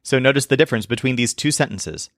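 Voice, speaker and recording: A man teaching a language lesson in a clear, explanatory manner, slowing down for each example phrase. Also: medium pitch, a bit bright, dry recording, studio quality. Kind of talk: scripted lesson narration.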